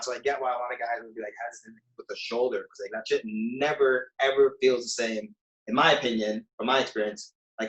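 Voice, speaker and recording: A man's voice: mid-range voice, fairly bright tone, dull audio. A man guest on a casual podcast, talking frankly about training and injuries with easy swearing. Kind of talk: casual chat.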